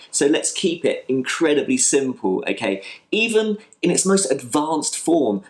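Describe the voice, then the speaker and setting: A man teaching mindfulness for children, gentle and reassuring, often checking in with "okay" and "right". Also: medium pitch. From United Kingdom. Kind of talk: instructional talk with guided practice.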